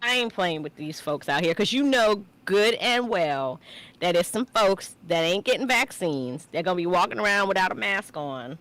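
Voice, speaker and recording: A woman co-hosting a casual writing chat over a video call, telling stories in an expressive, colloquial way. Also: lowish voice, normal speed.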